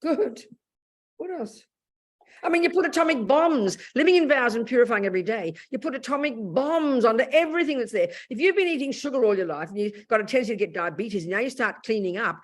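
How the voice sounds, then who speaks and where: An older woman giving a Buddhist dharma talk, blunt and animated, calling her listeners darling and sweetheart. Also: fairly high pitch, a little fast. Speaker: Buddhist teacher.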